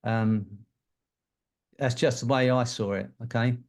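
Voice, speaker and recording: A man's voice: medium pitch, steady tone, measured pace, darkish tone. An older man and co-host telling a personal story to an audience in a candid, rambling way. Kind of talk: personal anecdote to a live audience.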